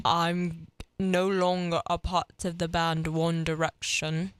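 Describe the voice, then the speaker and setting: A young woman putting on a slow, mock-British accent as a young male pop singer. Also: on the low side, monotone, clear, resonant tone, no room sound, pitched below the performer's own voice. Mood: deadpan. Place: radio studio.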